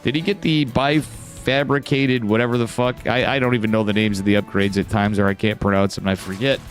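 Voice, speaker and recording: This low, brisk voice belongs to an esports caster from upstate New York calling a strategy game live, with faint music in the background. He keeps it casual, curses occasionally, and erupts into excited outbursts.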